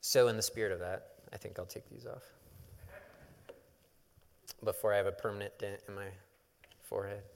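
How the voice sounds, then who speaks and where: A man's voice: lowish voice, steady tone, normal speed, vocal fry, long pauses. Casual male pastor in an echoing hall. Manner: casual, conversational storytelling with humor. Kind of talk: sermon. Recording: long hall reverb.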